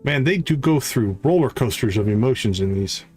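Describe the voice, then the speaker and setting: A man's voice: medium pitch, lively intonation, normal speed, darkish tone, soft background music. A man streaming a farming game live, dropping wry asides between the dialogue.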